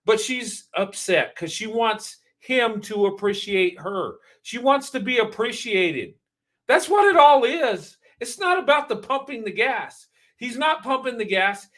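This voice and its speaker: A man's voice: sits high, fairly bright tone. A man hosting a reaction video, giving casual commentary in an emphatic, preachy way and repeating points for stress.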